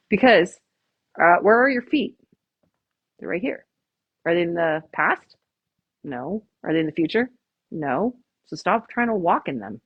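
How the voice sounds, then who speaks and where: A woman's voice: mid-range voice, lively intonation, normal speed, breathy edge, no room sound, highs cut off. A woman chiropractor leading a live stress workshop, chatty and upbeat, counting the group through breathing. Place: small room with a live audience.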